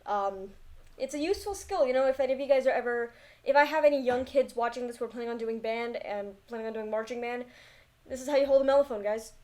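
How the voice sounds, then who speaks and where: A woman's voice: fairly high pitch, fast talker, a little mellow. A young woman giving casual, rambling, self-deprecating commentary on a film, recorded on a laptop mic. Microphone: laptop built-in mic.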